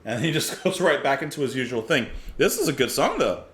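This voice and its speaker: A man's voice: medium pitch, sing-song, brisk, fairly bright tone, reverberant. A man hosting a casual music reaction, talking enthusiastically, often chuckling and thinking aloud with fillers.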